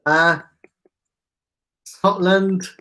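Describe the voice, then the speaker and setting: A man's voice: high voice, fairly even intonation, very slow, pushed and bright. A man hosting a casual livestream, chatting with viewers and reading out their comments with easy banter. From England. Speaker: fan channel host.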